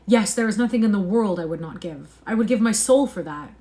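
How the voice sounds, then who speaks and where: A woman's voice: mid-range voice, lively intonation, fairly quick, dark tone, lightly acted. A woman reading aloud, voicing a vain young man who pleads in anguish with impassioned, rising cries.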